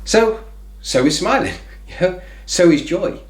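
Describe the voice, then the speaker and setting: Guy talking about faith, lively up-and-down voice, roomy echo, lots of you know. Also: high-pitched, a little slow. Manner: conversational, many "you know" fillers. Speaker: faith video host. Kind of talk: reflective spoken talk.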